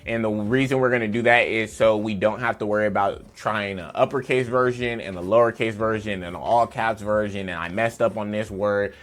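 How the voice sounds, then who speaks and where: A man's voice: lowish voice, steady tone, a little fast, hardly any pauses, a bit bright. A man teaching a beginner programming lesson over his screen, explaining in a loose, chatty way with fillers and playful asides. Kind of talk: casual screen-share coding tutorial.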